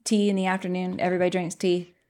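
Lively woman podcast co-host. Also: fairly low pitch, quick pace. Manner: animated, storytelling with quoted asides. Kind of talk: casual chat.

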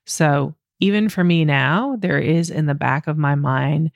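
A woman's voice: deep voice, unhurried, vocal fry, no echo, muffled recording. A middle-aged woman hosting a solo coaching podcast, candid and self-deprecating, laughing often as she talks. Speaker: podcast host.

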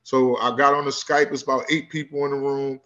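Animated male coach telling stories. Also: medium pitch, a little fast, dull audio. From Newark, New Jersey. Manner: animated storyteller who acts out quoted voices. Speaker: guest, high school basketball coach. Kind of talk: casual interview storytelling.

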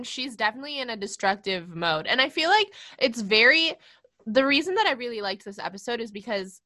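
A woman's voice: mid-range voice, pushed and bright. A woman chatting casually as a podcast co-host, laughing often and reflecting on how an episode handles coping with stress. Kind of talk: casual chat discussing an episode.

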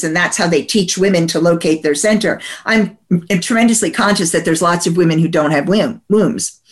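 A woman hosting a radio talk show, asking questions in a thoughtful way with many fillers and restarts. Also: lowish voice. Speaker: radio show host, sex therapist. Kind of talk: casual interview chat.

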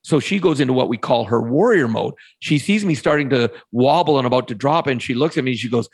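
A man in his fifties tells a personal story as a podcast guest, with a voice of middling pitch. He is animated and acts out the voices of others in his tale. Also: fairly quick, husky.

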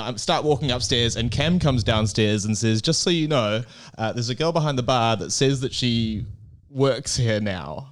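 A man co-hosting a casual chat show, telling a story in a relaxed, rambling way with plenty of fillers. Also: medium pitch. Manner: easygoing, rambling anecdotes with many fillers. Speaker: comedy club co-owner and podcast co-host. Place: comedy club in Barcelona.

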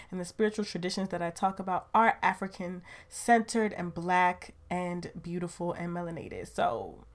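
A woman's voice: medium pitch, fairly bright tone. A woman hosting her podcast in a chatty, playful way, talking from her bedroom at home into a mic. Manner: chatty and playful, with laughs and slang. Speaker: podcast host. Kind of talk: casual podcast monologue. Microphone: home recording mic.

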